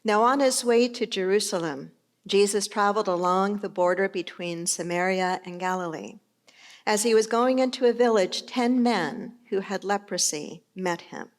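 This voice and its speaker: A woman's voice: medium pitch, moderate pace. Conversational woman pastor telling stories. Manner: conversational storytelling. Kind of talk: sermon.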